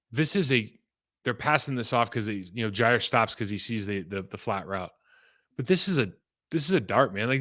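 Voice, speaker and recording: A middle-aged man with a medium-pitched voice casually breaks down football game film. He's animated and rambling, forever slipping into asides.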